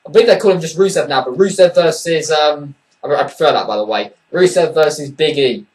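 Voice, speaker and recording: A man's voice: a little high, a little fast, recorded from a distance, low-quality recording. A man giving a casual spoken review of a wrestling show, blunt and dismissive, swearing freely and rambling with fillers.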